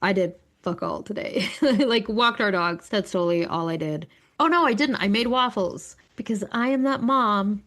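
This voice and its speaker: Woman, 40s, from Alberta, podcast co-host, casual chat, animated, swears a lot, laughs often. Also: mid-range voice, normal speed. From Alberta, Canada. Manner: animated storyteller, swears freely, acts out quotes, laughs often.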